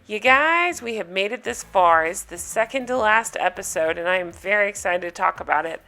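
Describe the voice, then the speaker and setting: A woman hosting her own recap show, talking casually through the episode in a sarcastic, gossipy, animated way. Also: mid-range voice, moderate pace, soft background music. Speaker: podcast host recapping reality TV.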